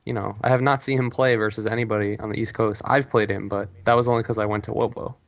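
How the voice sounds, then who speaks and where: A man's voice: on the low side, fairly even intonation, quick pace, no room sound. A man co-hosting a gaming talk show, giving details of an upcoming tournament. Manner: informative, promotional. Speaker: tournament organizer, co-host. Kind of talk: casual chat.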